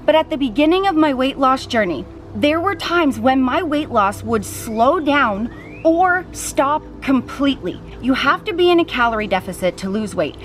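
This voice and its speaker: A woman's voice: high-pitched, big pitch swings, moderate pace, faint music behind. A woman vlogger talking casually to the camera outdoors in a backyard, explaining her diet mistakes step by step. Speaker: weight loss vlogger.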